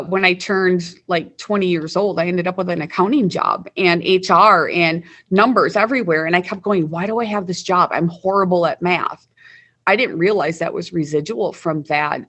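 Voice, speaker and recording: A woman's voice: lowish voice, a bit bright. A woman in her forties from Wisconsin, candidly telling her life story as an interview guest, often repeating words. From Wisconsin, USA. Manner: candid, conversational, repeats words when emotional.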